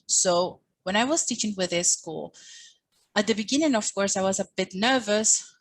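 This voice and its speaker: A woman giving a teacher training talk, speaking with lively, expressive intonation and acting out little quoted exchanges. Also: mid-range voice, normal speed, poor audio. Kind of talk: teaching workshop presentation.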